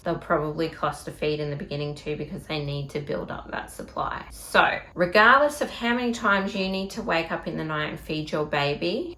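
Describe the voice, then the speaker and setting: A chatty Australian woman with a lowish voice gives parenting advice in a casual vlog. She talks directly and emphatically, and her voice rings around an echoey room. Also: fairly bright tone. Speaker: parenting vlogger.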